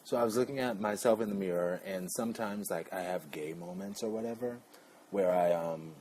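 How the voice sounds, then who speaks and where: Man, very low voice, chatty vlogger, rambling tangents, playful asides, faint background noise. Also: brisk, a little mellow. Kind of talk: casual chat.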